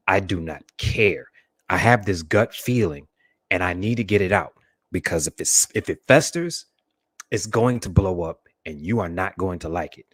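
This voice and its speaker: A man in a casual group discussion, speaking forcefully and emphatically. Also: low-pitched, slightly rough, no room sound.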